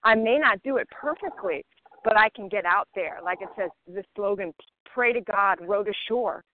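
Woman, recovery meeting sharer, earnest and steady, phone-line sound. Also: medium pitch, moderate pace. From Maryland. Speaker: member sharing at a phone meeting. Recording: dry tinny phone line.

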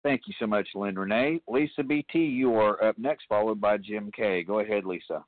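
A man chairing a meeting, calling on speakers in a brisk, welcoming way. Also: on the low side, no room sound. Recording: tinny phone line.

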